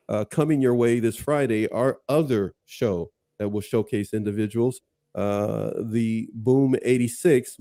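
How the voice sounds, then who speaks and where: A man's voice: on the low side, dark tone, no echo, clean studio sound. A man hosting a casual podcast interview who laughs often and talks over his guest. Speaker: podcast host.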